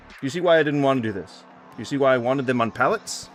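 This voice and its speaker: A man giving casual commentary while playing a game, muttering to himself with sarcastic, mock-formal complaints and sudden loud outbursts. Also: mid-range voice, very fast, soft background music. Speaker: gaming streamer.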